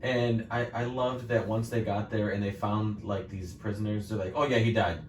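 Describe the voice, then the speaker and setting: A man's voice: on the low side, level tone, moderate pace, darkish tone. A man co-hosting a podcast in casual chat, with dry, teasing asides. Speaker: podcast co-host. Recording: echoey room, mic at a distance, faint noise.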